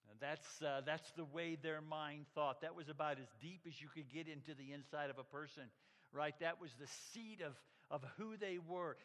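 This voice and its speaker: A man preaching a sermon, emphatic and measured, sometimes dropping his voice very low. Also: steady tone, a bit bright, in a large hall. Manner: slow, emphatic preaching that drops to a near whisper. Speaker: pastor.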